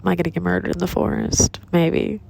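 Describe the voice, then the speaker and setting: A woman's voice: on the low side, level tone, a little fast, gravelly, mellow, slight background noise. A young woman venting in a casual vlog, chatty and sarcastic with frequent swearing, filmed outdoors in cold woods on a handheld phone. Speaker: vlogger. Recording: faint outdoor ambience.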